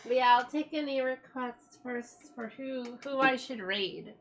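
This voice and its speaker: A woman's voice: high voice, unhurried, fairly bright tone. A woman streamer chatting casually with viewers, rambling and restarting her sentences, her voice tired. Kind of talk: casual live-stream chat.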